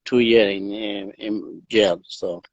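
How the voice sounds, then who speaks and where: A man's voice: on the low side, takes it slowly, no room sound, dull audio. Man with a Persian accent, broken English. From northern Iran. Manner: broken English, animated storytelling. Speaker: guest, endurance athlete. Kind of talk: casual interview storytelling. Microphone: video call.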